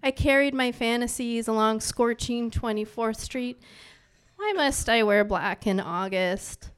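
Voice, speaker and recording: A woman's voice: fairly high pitch, a little slow, clean tone. A woman performing spoken-word poetry live on a bar stage, brash and profane, bantering playfully with the crowd between lines.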